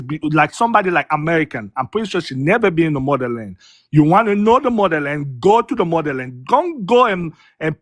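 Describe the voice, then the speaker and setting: Guy on a debate panel, english not his first language, pushy and repeats himself, kinda high voice, dry close sound. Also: a bit bright, no room sound. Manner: emphatic, repeats himself, mocking sighs.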